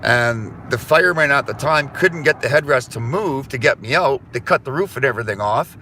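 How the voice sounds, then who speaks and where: Middle-aged canadian guy vlogging from the car, bright voice, rambly and laid back. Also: mid-range voice, lively intonation, a little fast, a little hiss or hum. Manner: easygoing, rambling, swears and apologizes. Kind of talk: casual chat while driving. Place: inside a car.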